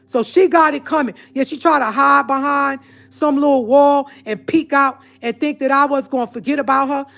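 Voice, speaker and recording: A woman's voice: high voice, steady tone, normal speed, fairly bright tone. A woman hosting her own channel, ranting in a heated, confrontational monologue to her viewers. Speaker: channel host. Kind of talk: ranting live-stream monologue.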